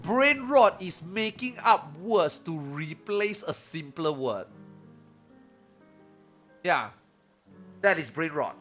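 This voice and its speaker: A man in his forties chatting casually on a live stream, animated and laughing as he mocks slang. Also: on the high side, takes it slowly, long pauses, soft background music. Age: 40s. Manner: animated, laughing, mocking slang in comic voices.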